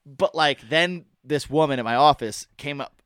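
A young man on a podcast telling a party story in casual chat, animated and profane, acting out his friends' lines. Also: a little high, moderate pace, clean tone, no room sound, clean studio sound. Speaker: podcast co-host.

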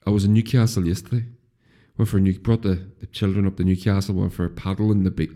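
Deep-voiced Northern Irish man, rambling. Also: steady tone, rapid-fire, warm tone. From Northern Ireland. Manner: rambling, swears freely, many restarts. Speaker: podcast host. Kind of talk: casual solo podcast chat.

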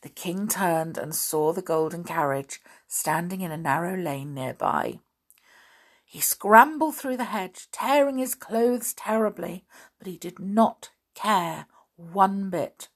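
A woman narrating a children's storybook aloud in an expressive, gently emotive way. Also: on the low side, slow, slightly rough.

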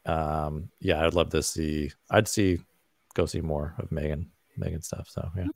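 A man's voice: extremely low pitch, steady tone, unhurried, creaky, dry recording. A man on a movie podcast panel, laid-back and agreeable, musing aloud. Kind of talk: casual panel chat.

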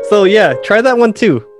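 A man hosting a podcast in casual chat, laid-back and teasing, laughing often. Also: sits high. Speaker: podcast host.

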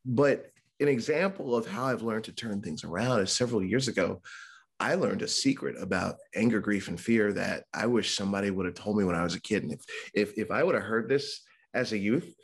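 A man's voice: on the low side, fairly quick, husky. A man who works as a mental health speaker, talking candidly about his own life in a podcast interview. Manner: candid and conversational, acts out quoted voices. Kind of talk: podcast interview, personal story.

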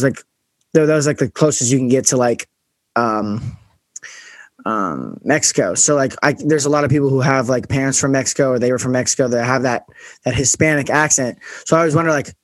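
A man with a West Coast American accent talks at an average pitch. He asks long, wandering questions and thinks out loud between fillers. The recording is dry and close. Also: dry recording. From United States. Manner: musing, drawn-out questions with many fillers. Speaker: interviewer. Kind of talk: casual interview chat.

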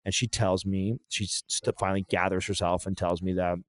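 A man talking through a painful personal story in a halting, emotional way, often restarting his sentences. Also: deep voice, steady tone, no echo. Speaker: podcast guest.

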